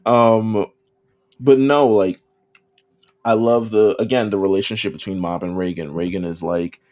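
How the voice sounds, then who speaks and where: Low-ish voiced guy recapping anime on a podcast, doing the characters' lines, cracking up a lot. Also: a little slow, pauses often. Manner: animated storytelling, acts out characters' lines, laughs often. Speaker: podcast co-host. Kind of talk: casual anime recap chat.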